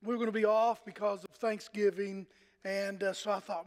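A man's voice: high voice, little pitch movement, fast. An older man, a pastor with a Southern accent, preaching a sermon in a folksy, rambling way full of fillers and restarts. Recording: long hall reverb.

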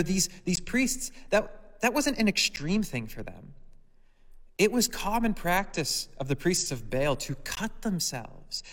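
Male preacher, sermon delivery, rhetorical questions, slightly high voice, in a big reverberant hall. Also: fairly bright tone. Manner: reads scripture, then preaches with rhetorical questions.

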